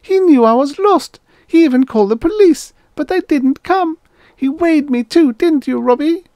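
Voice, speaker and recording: A man's voice: extremely high pitch, normal speed, dark tone, no room sound, voice pushed up. A man voicing a frightened little girl who pleads tearfully for help. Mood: pleading.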